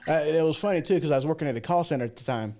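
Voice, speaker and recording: A man hosts a casual livestream talk show in a slightly high voice. He talks in a chatty, folksy way and rambles off into asides and jokes. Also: rapid-fire, a little mellow. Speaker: show host.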